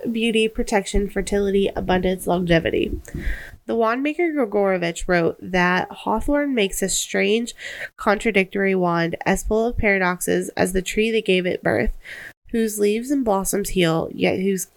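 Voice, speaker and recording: A woman's voice: medium pitch, poor audio. Tired woman in casual chat. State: tired, yawning. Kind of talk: casual chat reading aloud.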